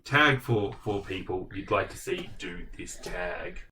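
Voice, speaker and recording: A man with a fairly low voice trades dry, deadpan jokes in a relaxed book chat. He sits a little back from the mic, with a faint hiss of background noise. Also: measured pace, creaky, distant mic. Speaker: booktuber co-host. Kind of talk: casual chat.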